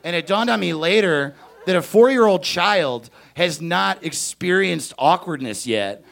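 A young man doing stand-up, telling a story with lots of energy, shouting out other people's lines and laughing as he goes. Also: high voice, measured pace, creaky. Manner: animated, shouts kid voices, laughs at own story. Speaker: stand-up comedian.

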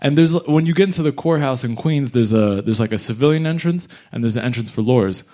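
Animated slangy stand-up comedian man. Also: medium pitch, quick pace. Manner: animated, slangy, jumps into voices. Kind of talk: stand-up storytelling.

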